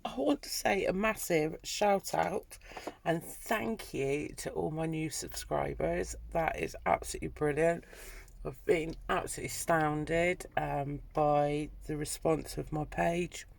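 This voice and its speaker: A woman with a broad Dorset accent talks slowly and chattily, her voice gravelly with fry. She fills her heartfelt thanks with ums and restarts. The sound is close and dry. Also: low-pitched, no room sound. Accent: Dorset English. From Dorset, England. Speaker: craft vlogger. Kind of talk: casual chat to camera.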